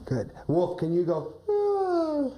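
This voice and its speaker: A woman's voice: medium pitch, lively intonation, normal speed, reverberant, lo-fi sound. A woman coaching a teacher through a classroom drama lesson, often ending phrases with a questioning "right?". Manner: ends phrases with a rising "right?".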